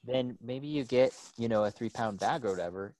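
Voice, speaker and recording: Rambling dad on a podcast, dry sound. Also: male voice, mid-range voice, brisk, darkish tone, no echo. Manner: rambling, loaded with "like" and "right?", laughing often. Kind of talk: casual chat.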